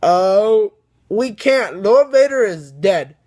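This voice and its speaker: A jittery castle commander delivering bad news to his lord, as a young man puts him on. He sounds hesitant and deferential, and his voice sits fairly high. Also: expressive, slow, a little mellow. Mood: nervous. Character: nervous male castle commander.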